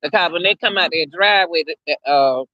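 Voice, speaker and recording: A man's voice: fairly high pitch, a little fast, dry recording, lo-fi sound. A middle-aged man hosting a casual livestream, rambling and chatting directly to his viewers. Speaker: livestream host.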